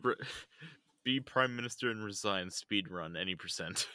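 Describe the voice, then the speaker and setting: Giggly deep-voiced young man. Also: normal speed, bright, forceful tone, no echo, clean studio sound. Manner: giggly, playful, keeps laughing. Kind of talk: casual chat.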